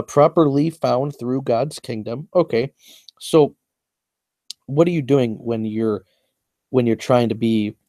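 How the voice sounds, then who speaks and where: A man's voice: mid-range voice, warm tone, no room sound. A young man breaking down his own rap lyrics in a casual monologue, boastful and repetitive, going over each point at length.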